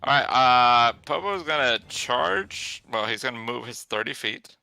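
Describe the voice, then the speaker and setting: A man's voice: medium pitch, expressive, unhurried, gravelly, bright, forceful tone, no room sound. A man playing in a tabletop game, joking around playfully and describing his character's moves. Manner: jokey, playful, laughs often. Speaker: player. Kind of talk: casual tabletop game play.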